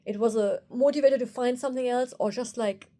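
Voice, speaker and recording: A woman tells a personal story straight to camera. Her voice is warm and mellow, and her delivery is candid and animated, and she often slips into quoting her own thoughts. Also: fairly high pitch, fast talker. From Germany. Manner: candid, animated retelling with quoted inner thoughts. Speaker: osteopath and video host.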